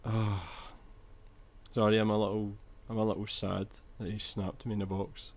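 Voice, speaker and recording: A young man with a fairly low voice talks fairly quickly in a level tone as he commentates over his football video game clips. Chatty by nature, he restarts sentences and curses when frustrated.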